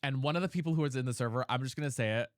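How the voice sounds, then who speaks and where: A man's voice: mid-range voice, rapid-fire, no echo, clean studio sound. A young man streamer chatting casually with his chat, reading questions aloud and explaining voice technique.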